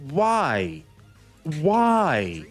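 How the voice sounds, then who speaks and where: A man's voice: fairly high pitch, wildly swooping pitch, extremely slow, faint music behind. A man reacting to a clip and talking to his chat, dry and mocking. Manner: sarcastic, mocking. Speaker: commentary YouTuber. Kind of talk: reaction commentary.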